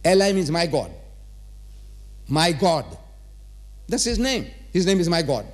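A man's voice: on the high side, sing-song, a little slow. A man giving a religious lecture to a live audience in a large auditorium, full of rhetorical questions and teasing. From South Africa. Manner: rhetorical, quizzes and teases the audience.

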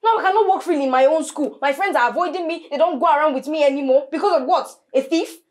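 A woman's voice: high voice, fast, a little mellow, lightly acted. An actress with a Nigerian accent playing a young woman who rants scornfully at her sister and stammers in anger. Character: spiteful, mocking young sister.

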